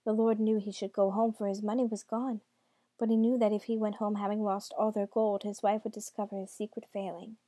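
A woman narrating a dark fairy tale, making wry asides to the listener. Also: medium pitch, little pitch movement, a little fast, no room sound. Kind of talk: storybook narration.

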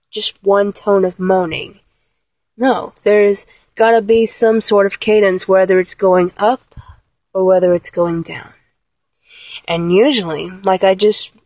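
Woman, slow unhurried delivery, husky breathy tone, dry close sound, patient instructional talk. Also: mid-range voice, darkish tone, no room sound, poor audio. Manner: patient, step-by-step coaching. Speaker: vocal instructor.

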